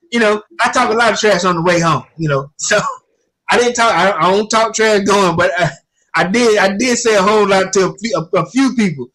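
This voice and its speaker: A man with a high-pitched, bright voice and a forceful tone is a guest commentator in casual sports chat. He rambles through a long story, often repeating himself, especially the line "I ain't gonna lie to you."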